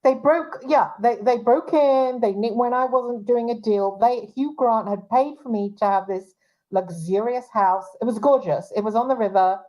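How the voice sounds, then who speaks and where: A woman's voice: a little high, normal speed, dark tone, rough recording. A woman hosting a casual talk show, speaking in an indignant, agitated way with frequent restarts and trailing fillers. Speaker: show host and private investigator.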